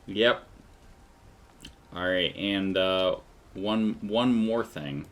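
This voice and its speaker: A man narrates as game master, his voice sitting very low. He stumbles through descriptions with frequent fillers and restarts. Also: fairly bright tone. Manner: halting, full of fillers and restarts.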